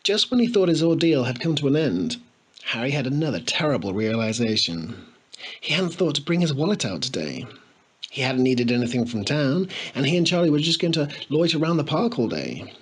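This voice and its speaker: Expressive male storyteller. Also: mid-range voice, a little fast, slight background noise. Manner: expressive, playful. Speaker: narrator. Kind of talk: storybook reading.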